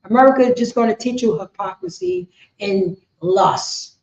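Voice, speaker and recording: Male street teacher, high voice, rambling talk, dull echoey recording. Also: sing-song, moderate pace. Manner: rambling, keeps saying "you know what I'm saying". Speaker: religious teacher. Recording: echoey room, dull lo-fi sound.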